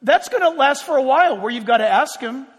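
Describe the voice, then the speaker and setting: A man's voice: very high voice, animated, brisk, fairly bright tone, breathy edge, long reverb tail. A pastor preaching a sermon to his congregation, talking directly and putting rhetorical questions to them.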